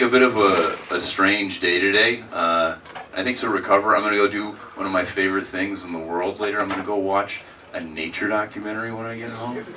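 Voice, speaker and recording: This comedian's voice sits fairly low and has a sharp edge as he rambles through a self-deprecating set, dropping "like" and "man" constantly. It's live club audio, picked up from a distance with the crowd audible.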